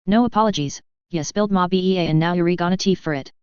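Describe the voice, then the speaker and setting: A woman voicing a boastful male orc bully who threatens in rough slang. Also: fairly low pitch, quick pace, darkish tone, no room sound, dull audio, lightly acted. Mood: menacing.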